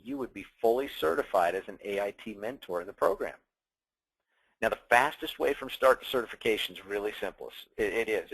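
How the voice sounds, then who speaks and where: A man's voice: mid-range voice, rough recording. A man presenting a sales training, upbeat and emphatic like a salesman.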